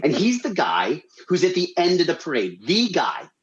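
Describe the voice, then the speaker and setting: Animated man telling a story, echoey. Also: moderate pace, highs cut off. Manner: animated, acts out quotes with big pitch jumps. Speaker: radio guest telling a story. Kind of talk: casual storytelling.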